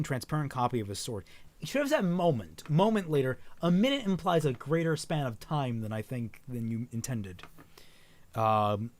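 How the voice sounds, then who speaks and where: Animated man reading a story aloud. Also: mid-range voice. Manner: animated, self-correcting, profane asides. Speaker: stream host reading a fan story aloud. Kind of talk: casual story reading with asides.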